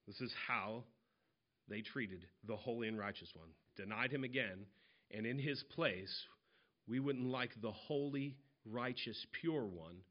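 A man's voice: mid-range voice, a little slow, lo-fi sound. A man preaching an expository sermon in a conversational way, walking through scripture verse by verse. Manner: conversational expository preaching, retelling parables in casual voices.

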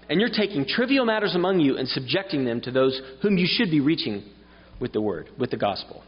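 Male preacher, earnest and explanatory sermon delivery, recorded dull and reverberant in a hall. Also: on the high side.

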